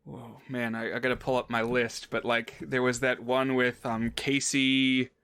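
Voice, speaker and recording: Guy hosting a movie podcast, bright crisp voice, dry close sound, kinda rambly with lots of ums. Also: mid-range voice, flat delivery, a little slow, dry recording. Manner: rambling, self-correcting with fillers. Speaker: podcast co-host. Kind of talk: casual chat.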